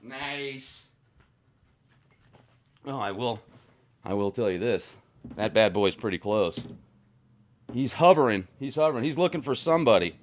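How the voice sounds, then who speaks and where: A man hosts a comedic comment-reading vlog, teasing his viewers with sarcastic, playful replies. His pitch sits mid-range but swings widely as he reacts. He sounds energetic and animated. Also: unhurried, long pauses. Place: home garage.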